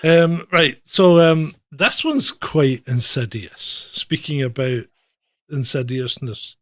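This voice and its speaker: A man co-hosts a casual news show, reacting to each story with incredulous mockery. His voice sits a little high for a man. The sound is dry and close, with no room around it. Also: slow, a bit bright, no echo. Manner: incredulous, mocking. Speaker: co-host. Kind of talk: casual news commentary chat.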